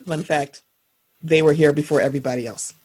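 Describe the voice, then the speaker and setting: A woman in her thirties hosts a casual podcast chat with a soft, breathy voice. She is lively and expressive, and her pitch shoots up whenever she acts out a quote. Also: a little fast. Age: 30s. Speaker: podcast host.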